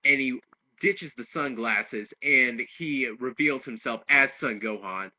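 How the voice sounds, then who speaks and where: Speaking unhurriedly at a medium pitch, a man casually goes over an anime episode, reviewing it as he rambles through the story with restarts. He acts out the quoted lines, and the recording is a dull lo-fi one made at home.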